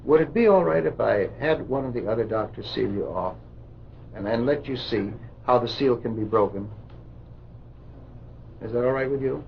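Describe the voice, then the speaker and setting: A man instructing doctors in a live hypnosis demonstration, giving slow soothing suggestions and lecturing with indignation. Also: medium pitch, animated, gravelly. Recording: muffled old recording with loud hiss.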